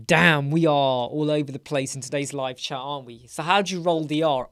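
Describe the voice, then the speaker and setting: A man's voice: a little high, a little fast, hardly any pauses, no room sound, studio quality. An English man hosting a casual live Q&A stream from a room at home, chatty and playful, rambling between questions. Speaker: web design live stream host.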